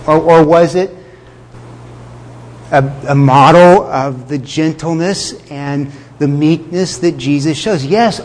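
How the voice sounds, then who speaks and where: A man preaching a sermon in a conversational way, with fillers, chuckles and slowed words for emphasis. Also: a little high, darkish tone, in a large hall. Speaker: pastor.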